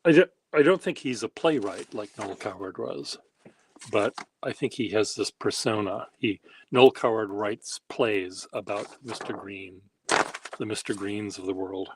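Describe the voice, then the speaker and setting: A man's voice: fairly low pitch, measured pace, a little hiss or hum. A man hosting a handwriting workshop, rambling casually in a wry, self-deprecating way while he demonstrates. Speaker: pen workshop host.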